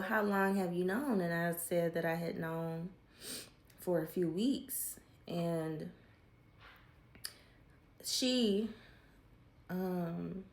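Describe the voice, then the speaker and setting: A woman speaks candidly about her past and swears freely. Her voice sits on the low side and carries a gravelly fry. The room adds a noticeable echo. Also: a little mellow. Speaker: vlogger telling her life story. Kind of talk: casual storytelling.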